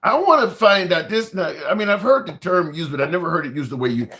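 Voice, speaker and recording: A man's voice: high-pitched, lively intonation, quick pace, pushed and bright. A man hosting a livestream chat, teasing his guest with playful mock-innocent questions. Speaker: host.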